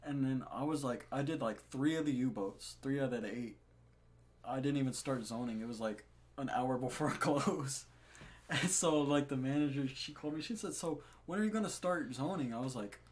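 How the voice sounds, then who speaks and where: A young man co-hosting a podcast, telling a story about his retail job in a casual, profane, laughing way. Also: medium pitch. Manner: profane, laughing, animated retelling. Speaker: podcast co-host. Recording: faint background noise.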